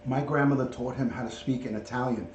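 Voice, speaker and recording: Hosting a casual home livestream, a middle-aged retired police detective shows his pet parrot and reads viewers' names out from the chat. His medium-pitched voice is fairly even and quick-paced, recorded in an echoey room with a little hiss or hum.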